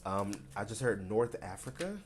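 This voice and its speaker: A man from Tennessee talks through a tarot card reading in a low voice. He speaks in a loose, conversational way and often pauses with fillers. A faint hiss sits under his voice. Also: expressive. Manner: rambling and conversational, many fillers. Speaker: tarot reader.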